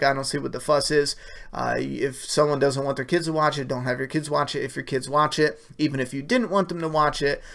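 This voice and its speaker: A man's voice: on the high side, a bit bright. A man hosting a casual live stream, reading viewer questions and giving blunt, profane opinions with lots of fillers. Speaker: livestream host answering viewer questions.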